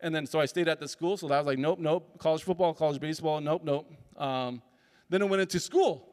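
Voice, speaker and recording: A man telling a personal story at a summit, lively and acting out the dialogue as he goes. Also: on the high side, fast talker, clear, resonant tone. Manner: animated, acts out dialogue in the story. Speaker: speaker at a summit. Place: conference hall. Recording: long hall reverb.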